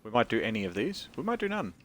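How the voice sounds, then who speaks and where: A man's voice: medium pitch, huge pitch swings, quick pace, a bit bright, slight background noise. A man streaming a video game, joking, rambling and reading game text aloud in casual commentary.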